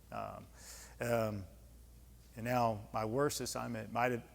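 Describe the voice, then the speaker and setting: A man in his fifties, a retired senior Army leader from the US, speaks with vocal fry in a medium-pitched, slightly bright voice. He lectures and fields audience questions bluntly and emphatically, telling candid stories with folksy asides as long reverb rings through the club lecture hall.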